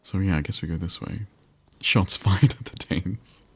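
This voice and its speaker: Deep-voiced game streamer. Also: male voice, normal speed, a bit bright, breathy edge. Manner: chatty, rambling, reads chat aloud. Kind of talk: casual live-stream commentary.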